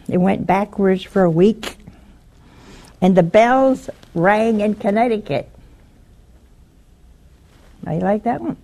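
A woman's voice: medium pitch, gravelly, mellow, breathy edge. A woman giving an earnest, urgent warning to listeners and telling a story in plain, direct words.

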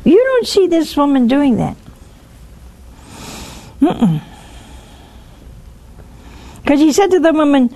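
A woman hosting a religious call-in show, teaching with lively storytelling and acted-out little dialogues. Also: high-pitched, takes it slowly, long pauses. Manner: animated storytelling, acts out dialogues. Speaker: host.

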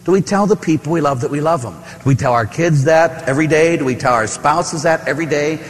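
A man's voice: a little high, fairly quick. A middle-aged man preaching as a priest, telling stories and asking the congregation questions. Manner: storytelling with rhetorical questions. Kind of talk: sermon. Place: church. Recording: echoey church hall.

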